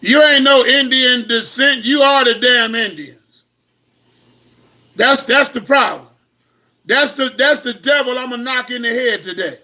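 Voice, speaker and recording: A man giving an impassioned, preaching-style lecture to online viewers, repeating himself and breaking into shouts. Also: very high voice, a little slow. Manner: impassioned, repetitive, bursts into shouting. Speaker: host of an online talk.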